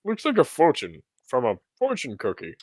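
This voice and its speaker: A man's voice: mid-range voice, huge pitch swings, moderate pace, husky, dry recording. A man reading the part of a fussy, mock-stern school principal in an amateur play reading. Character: fussy middle-aged male school principal.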